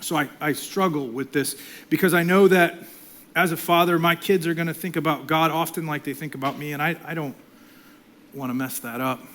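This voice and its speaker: A middle-aged male pastor preaching a sermon, swinging from loud, impassioned lines to hushed whispers. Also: a little high, fairly even intonation, a little fast, slight background noise.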